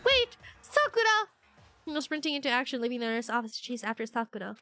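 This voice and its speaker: A woman streaming a visual novel, chatting casually and reading the characters' lines aloud with lively, shrill put-on voices. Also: rapid-fire, faint music behind.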